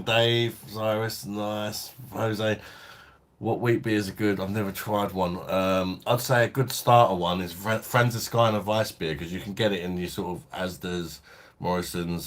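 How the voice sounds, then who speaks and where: A man's voice: lowish voice, steady tone, measured pace. A man hosting a casual beer review livestream, chatting laid-back and reading out viewer comments. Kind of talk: casual live-stream chat.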